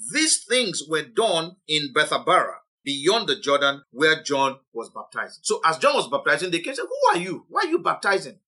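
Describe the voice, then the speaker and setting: A high, bright male voice delivering a Bible teaching sermon. He reads scripture aloud and explains it, with a pitch that swoops up and down in strong emphasis. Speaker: preacher.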